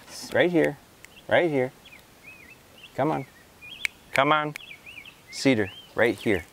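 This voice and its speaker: A man of middle pitch works with a young dog in an open rural field, talking the viewer through each step in a calm, even way. He breaks off for short commands and praise, and the outdoor noise and animal sounds of the countryside stay behind him. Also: slow pace, long pauses. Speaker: dog trainer. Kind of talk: outdoor training commentary.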